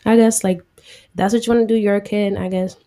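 A woman's voice: mid-range voice, fairly even intonation, brisk, warm tone, natural voice. A woman voicing exasperated parents who cannot believe their son's choice. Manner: exasperated, disbelieving. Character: worried, incredulous parents.

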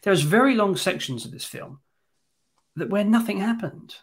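A man with a somewhat raised pitch, talking films on a casual podcast. He is blunt and sweary, with exasperated asides. His voice sits a touch higher than most men's. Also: expressive, moderate pace. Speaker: podcast co-host. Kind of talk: casual film review chat.

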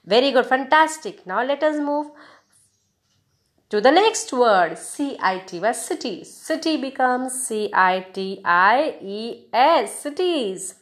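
A woman's voice: a little high, animated, takes it slowly. A woman hosting a podcast English lesson, spelling words out letter by letter and encouraging her listeners. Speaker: podcast host teaching English. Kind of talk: slow spelled-out grammar lesson.

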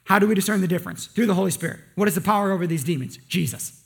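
A male pastor preaching a conversational sermon with joking asides and quick rhetorical questions. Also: sits high, vocal fry.

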